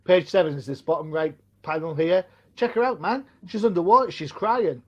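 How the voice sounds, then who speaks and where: A man with a fairly high voice hosts a casual comic-book chat. He cracks jokes and teases his co-hosts, steering the talk along. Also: moderate pace, highs cut off. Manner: joking, teasing. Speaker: host of a comic review show.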